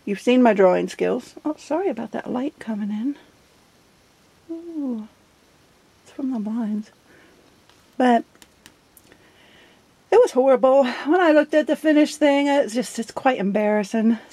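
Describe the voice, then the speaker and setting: A woman's voice: a little high, lively intonation, measured pace, pauses often, dark tone, slightly rough, no room sound. A middle-aged woman chatting casually while flipping through her journal, giggly and self-deprecating. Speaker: journal vlogger. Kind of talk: casual show-and-tell chat.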